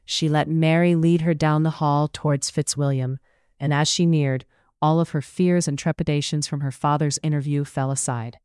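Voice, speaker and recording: Audiobook narrator, smooth voice, mid pitch, dry close sound. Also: steady tone, moderate pace, darkish tone, no echo.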